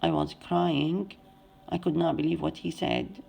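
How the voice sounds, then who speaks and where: A woman in her forties with an Arabic accent, a native Arabic speaker, telling her own story in plain, halting English. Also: low voice, flat delivery, gravelly, a little mellow, slightly rough, faint music behind. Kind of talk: personal testimony.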